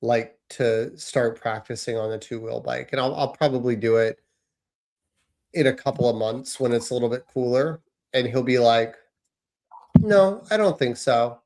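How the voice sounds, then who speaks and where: A man in his thirties with an American accent, co-hosting a casual podcast and telling animated stories about his kids. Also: medium pitch, moderate pace. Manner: animated storytelling, acts out his kids' lines. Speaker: podcast co-host. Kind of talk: casual chat.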